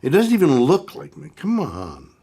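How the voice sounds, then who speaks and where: An older man with a husky voice, sounding exasperated as he comments, stumbling over repeated words. His pitch swings widely between low grumbles and sharp rises. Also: huge pitch swings, moderate pace. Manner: exasperated, stammering repetitions. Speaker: actor reviewing impressions. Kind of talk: casual commentary.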